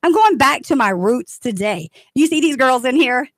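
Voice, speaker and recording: A woman hosting a lively radio talk show, enthusiastic and chatty as she cheers her guests on. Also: high voice, moderate pace, dry recording. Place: radio studio. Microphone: studio microphone.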